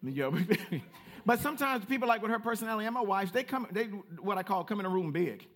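An American pastor with a high, light voice preaches a sermon to his congregation in an animated, playful way, speaking a little fast. He shifts from quiet, reflective stretches to bright, teasing call-outs, with a Southern Black way of speaking.

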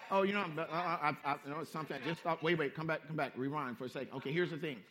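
High bright-voiced guy preaching, folksy, keeps repeating lines, goes quiet then loud. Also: racing. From Southern California. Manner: emphatic, repeats phrases for effect, swings from hushed to loud; folksy street-style preaching. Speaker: pastor. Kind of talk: sermon.

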